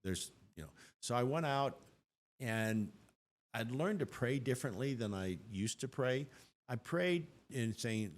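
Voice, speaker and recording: In an unhurried, mid-range voice, an older guest on an interview show narrates his experiences with energy, performing the lines of the people involved.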